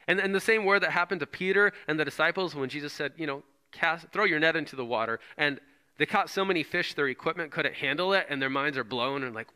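A male pastor preaching a sermon, retelling scripture in casual, animated storytelling. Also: fairly high pitch, fast talker.

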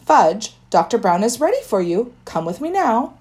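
A woman's voice: on the high side, sing-song, moderate pace, darkish tone. A woman voicing a sweet, doting nurse in a storybook reading, talking in a sugary, coaxing way.

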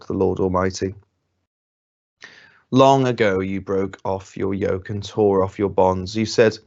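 A man with a somewhat low voice reads scripture aloud in a plain, steady way. He now and then stumbles on a word and corrects himself. The recording sounds dull and lo-fi. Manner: plain reading with small slips and self-corrections. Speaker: Bible reader.

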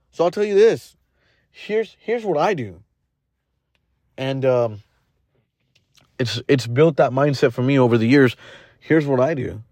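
A man's voice: fairly high pitch, no echo. Blunt man with a dry, close sound. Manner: blunt, casual, with frequent fillers and restarts. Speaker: podcast host. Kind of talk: motivational monologue.

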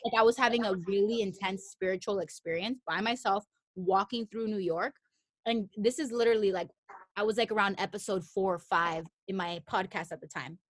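A young adult woman telling a personal story in casual chat, rambling with constant fillers and lively quoted voices. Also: medium pitch, fairly quick, no room sound. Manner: rambling, heavy use of "like", animated quoted voices.

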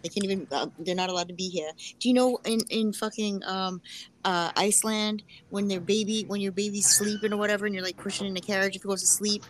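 A woman's voice: medium pitch, steady tone, quick pace, a little hiss or hum, poor audio. A woman with a Boston accent in casual podcast chat, blunt and swearing freely. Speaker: podcast co-host.

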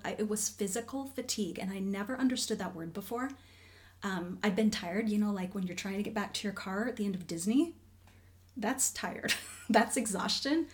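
Woman, forties, conversational storytelling, candid, earnest, middle pitch, hushed near-whisper for emphasis. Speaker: guest.

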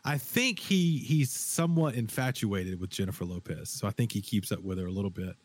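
A man hosting a casual podcast chat, talking in an animated, rambling way with lots of fillers and restarts. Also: fairly low pitch, brisk. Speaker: podcast host.

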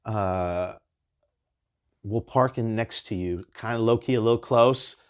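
This podcast host speaks in a low voice at a slightly slow pace. He tells stories in casual chat, animated and swearing freely.

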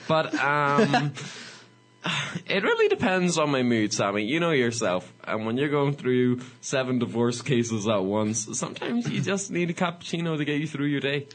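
A young man co-hosting a spoof radio show. His voice swings lively up and down as he jokes and laughs along. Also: medium pitch, a little slow. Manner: jokey, animated, bursts of laughter. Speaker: co-host. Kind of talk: comedic mock radio show.

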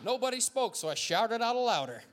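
A man preaching a sermon as pastor, fiery and loud at peaks, with folksy jokes and asides. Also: very high voice, sing-song, moderate pace, a faint crowd. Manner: fiery preaching, bursts into shouts.

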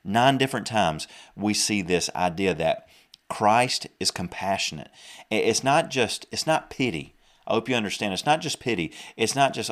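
A young man with a Southern US accent delivers a podcast sermon in a very low-pitched voice. He preaches earnestly, circling back to repeat and rephrase his points as he goes. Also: lively intonation, normal speed, fairly bright tone. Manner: earnest, repeats and restarts phrases, mocks drawl in asides.

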